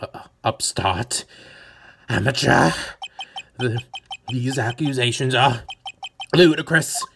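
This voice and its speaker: A man's voice: mid-range voice, expressive, slow, creaky, long pauses, background noise. A man voicing a cold, arrogant male prosecutor who talks down to everyone. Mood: sneering. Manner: sneering, condescending. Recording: music playing behind.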